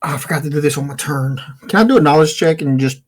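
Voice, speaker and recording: Loud joking male player. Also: a little high, fast. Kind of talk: casual game chat.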